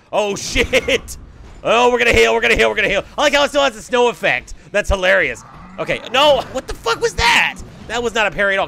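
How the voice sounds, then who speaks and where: A young man with a drawl narrates his gameplay in a high, wildly swinging voice, swearing and yelping as things go wrong. His tone is bright and pushed, with a gravelly edge. Faint noise sits under the recording. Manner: excitable, swears and yelps at the game. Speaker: gameplay commentator. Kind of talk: let's play commentary.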